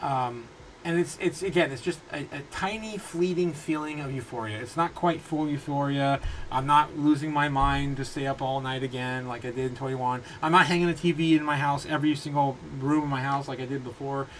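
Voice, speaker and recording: A man in his thirties hosting a casual crypto livestream from his home, rambling through viewer comments with halting restarts and frequent laughs. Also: medium pitch, slight background noise, low-quality recording. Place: home room.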